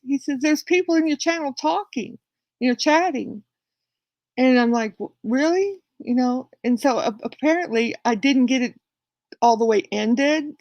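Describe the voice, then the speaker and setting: A woman's voice: a little high, dry recording, muffled recording. A woman livestream host telling a rambling story to her viewers, acting out both sides of an argument. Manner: chatty, retells quarrels acting out both sides; rambling with frequent restarts.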